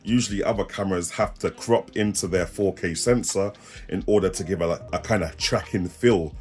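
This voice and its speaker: A man's voice: sits low, normal speed, darkish tone. A young man with a South East London accent, demoing a webcam to camera in casual slang, laughing and joking as he goes. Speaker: tech reviewer. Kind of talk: casual product demo to camera.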